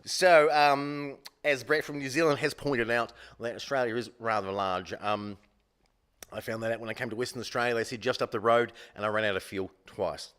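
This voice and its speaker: A man's voice: mid-range voice, fairly even intonation, normal speed, a bit bright, smooth. A man hosting a live-streamed quiz, rambling and joking at his own expense, with many fillers. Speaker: quiz show host.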